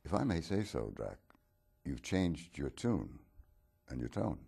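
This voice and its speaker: A man's voice: extremely low pitch, sing-song, unhurried, vocal fry, mellow, slightly rough, pitched above the performer's own voice, heavily acted. A man voicing James Bond as a courteous secret agent who interviews with probing questions. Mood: curious.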